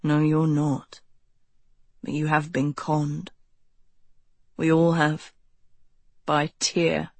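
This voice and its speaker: A woman drops her voice to play a brooding young preacher who talks low and intensely, pressing his case without letup. The husky voice comes slowly, recorded close and dry, like an audiobook read in a booth. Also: flat delivery, dry recording, exaggerated voice. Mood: persuasive. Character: brooding, manipulative young man, a cult-like preacher.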